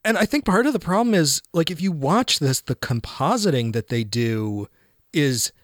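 Guy with a slightly high voice musing wryly about a movie, dry close mic. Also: lively intonation, moderate pace, no echo. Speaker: podcast co-host. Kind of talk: casual movie review chat.

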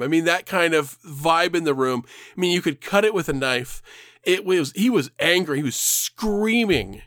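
A man's voice: high voice, measured pace, fairly bright tone, no room sound, studio quality. A man telling a long, rambling story in casual chat, swearing freely and laughing as he goes.

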